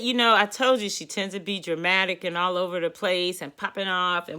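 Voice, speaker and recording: A woman from the Washington DC area telling a personal story in a casual, animated, exasperated way. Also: mid-range voice, normal speed, hardly any pauses.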